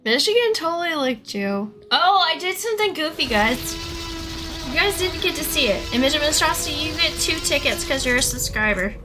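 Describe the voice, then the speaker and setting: A woman's voice: high-pitched, big pitch swings, a little fast, sharp tone, soft background music. A young woman chatting casually on a live stream, giggling often and thanking her viewers one by one. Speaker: livestreamer.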